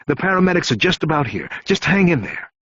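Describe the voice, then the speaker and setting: A man narrating an audiobook voices a tough middle-aged male detective who barks orders and speaks low, urgent reassurance. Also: sing-song, quick pace, fairly bright tone, slightly rough, dry recording, heavily acted. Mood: urgent comfort. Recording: dull, muffled audiobook recording.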